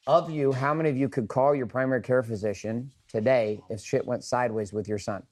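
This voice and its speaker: A man's voice: mid-range voice, fairly even intonation, brisk, darkish tone. A middle-aged man speaks candidly to a group in a mid-range voice. His talk is earnest and peppered with swearing. He keeps turning to the room with questions and asking for raised hands. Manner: blunt, profane and earnest. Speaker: speaker leading a group session.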